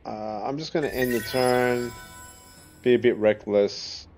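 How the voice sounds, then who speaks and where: A man's voice: medium pitch, steady tone, unhurried. An Australian man giving casual gameplay commentary, chatty, swearing freely and laughing often. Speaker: gaming video creator. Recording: slightly dull audio with faint game music. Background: faint game music.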